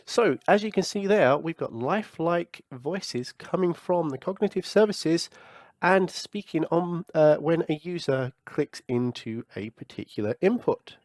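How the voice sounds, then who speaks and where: A man hosting a tech tutorial, explaining step by step in a clear, instructive manner. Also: on the high side, animated, a little slow, a little mellow, dry recording. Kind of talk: software tutorial walkthrough.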